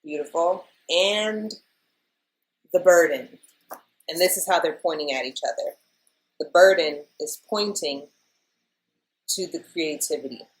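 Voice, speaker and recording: A woman's voice: sits low, measured pace, pauses often, poor audio. A woman in her thirties giving a casual weekly tarot reading, chatty and emotional, often calling her viewers "y'all". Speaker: tarot reader.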